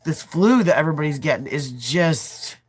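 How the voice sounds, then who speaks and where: Woman, Midwestern accent, 30s, low voice, congested, rambling casual livestream chat. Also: animated, moderate pace, breathy edge, faint music behind. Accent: Midwestern American. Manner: rambling and chatty with self-deprecating asides. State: congested from a sinus cold. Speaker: nail art livestreamer.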